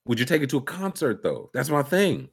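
A man chatting casually, slangy and animated, acting out quotes as he tells stories. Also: mid-range voice, brisk, gravelly, husky. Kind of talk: casual chat.

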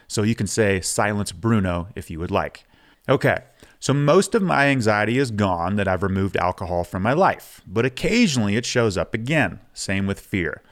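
A man's voice: on the low side, very animated, moderate pace. A man hosting a podcast, talking frankly and casually, with some swearing. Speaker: podcast host. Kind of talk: candid podcast monologue.

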